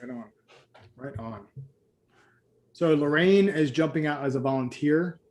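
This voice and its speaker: A man's voice: fairly high pitch, a little slow, darkish tone. A man leading a live group coaching call, telling stories and acting out the voices of the people in them. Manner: storytelling, acts out quoted voices. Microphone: video call.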